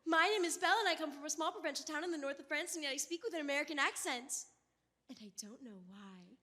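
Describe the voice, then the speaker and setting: A woman's voice: high voice, expressive, quick pace, sharp tone. Belle, as a woman plays her, a fed-up princess. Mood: wry. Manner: comic, belting complaints. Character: exasperated storybook princess, bookish and fed up. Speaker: stage actor. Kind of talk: live stage musical. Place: school auditorium stage. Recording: long reverb in a big hall.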